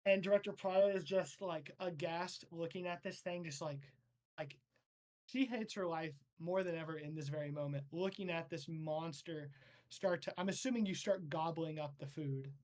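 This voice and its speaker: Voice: mid-range voice, normal speed, darkish tone. Rambling tabletop game master. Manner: loose, rambling narration with many fillers.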